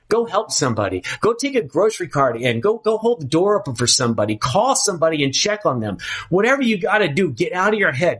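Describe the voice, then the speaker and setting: Man, recovery meeting share, earnest and blunt, slightly higher voice, restarts phrases. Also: a bit bright, breathy edge. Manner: earnest, candid, emphatic with repeated restarts. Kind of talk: personal share at a twelve-step meeting.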